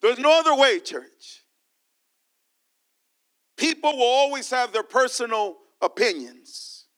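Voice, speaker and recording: High-voiced man preaching slowly. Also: expressive, a bit bright. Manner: preaching, repeats lines, calls to the church. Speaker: pastor. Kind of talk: sermon.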